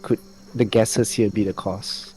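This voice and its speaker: A player with a mellow, dark-toned voice asks the game master about the scene. The speech is hesitant, with repeated words and restarts. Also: medium pitch, fairly even intonation, a little slow, low-quality recording. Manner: hesitant, repeats words while asking questions. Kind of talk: casual tabletop questions.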